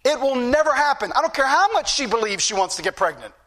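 A man's voice: very high voice, very animated, fast, bright, forceful tone. A middle-aged man preaching a fervent sermon, repeating phrases for emphasis.

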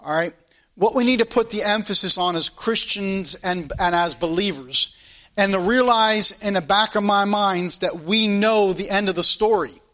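A man preaching a sermon, reading scripture slowly and with emphasis, then talking fervently in a conversational way. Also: high voice, pushed and bright.

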